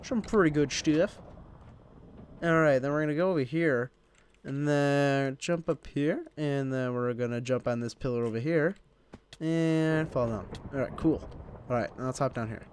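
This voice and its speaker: A man's voice: medium pitch, moderate pace, a little hiss or hum. A young man from Illinois hosting his gaming channel, rambling casually to himself and the viewers while he plays. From Illinois, United States. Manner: rambling, chatty, self-talking while playing. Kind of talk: casual gameplay commentary.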